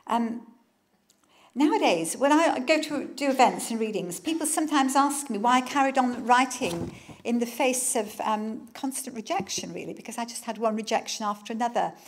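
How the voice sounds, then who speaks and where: A woman's voice: fairly high pitch, expressive, moderate pace. A woman author giving an informal public talk, chatty and enthusiastic, often wandering off on asides.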